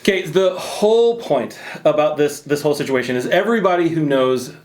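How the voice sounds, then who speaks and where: A man's voice: a little high, animated, fairly quick, a little mellow. A man hosting a casual chat about a video game, rambling and joking at his own expense. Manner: jokey, rambling, self-deprecating banter. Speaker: host.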